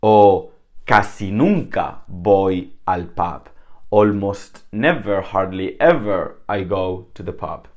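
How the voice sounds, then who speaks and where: Slow, low-voiced Spanish-accented man teaching. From Spain. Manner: chatty, explains with examples, repeats words slowly. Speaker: language teacher. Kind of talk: casual online lesson.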